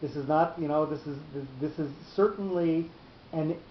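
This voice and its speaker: A man teaching a cantillation class, explaining slowly with long pauses. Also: a little high, a little hiss or hum. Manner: patient, explanatory, drawn-out pauses. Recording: echoey room, muffled lo-fi sound.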